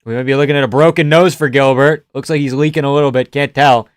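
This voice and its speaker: A man giving casual live reaction commentary on a fight, joking, swearing and laughing often, and breaking into loud reactions at big shots. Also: mid-range voice, steady tone, fast talker, clean tone, no room sound, studio quality.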